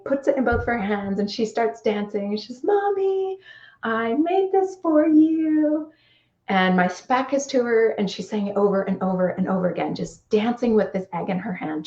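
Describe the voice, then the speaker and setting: A woman's voice: medium pitch, gravelly, reverberant, dull audio. A woman guest in a conversation, earnestly telling a personal story and reflecting on it. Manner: earnest, reflective, acts out quoted voices. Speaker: podcast guest.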